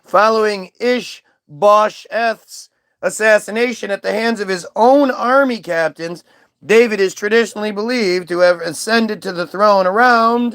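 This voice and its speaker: Male streamer with a high voice, ranting loosely, casual profanity. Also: fairly bright tone, smooth. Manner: rambling, profane, reads aloud from screen. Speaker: livestream host. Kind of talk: rambling livestream monologue.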